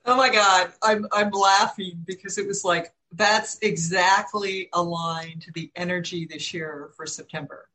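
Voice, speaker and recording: Woman host, very slow pace, emphatic drawn-out spiritual talk. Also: lowish voice, steady tone, bright, forceful tone, rough recording.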